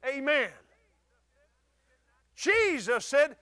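High-voiced folksy preacher. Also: male voice, lively intonation, unhurried, no echo, clean studio sound. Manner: folksy, chuckling, bursts into shouts. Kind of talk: sermon.

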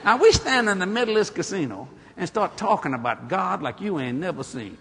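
A male preacher telling stories in a folksy, animated way, building to exclamations before a congregation. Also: high-pitched, fast talker, few pauses, breathy edge. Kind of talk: storytelling sermon. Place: church hall or auditorium. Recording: echoey hall with a congregation.

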